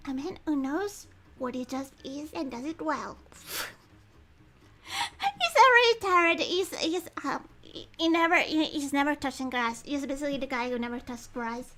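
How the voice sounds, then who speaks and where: A woman's voice: high voice, moderate pace, a bit bright. A woman streamer chatting casually and giggling while she reads a game aloud between bites of dinner. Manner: chatty and giggly, eating and talking with food breaks.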